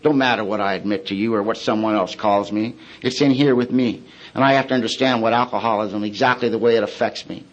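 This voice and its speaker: A man giving a personal testimony at a recovery meeting, telling his story in colloquial, plain-spoken words with dark humor. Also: lowish voice, steady tone, fast talker, muffled recording.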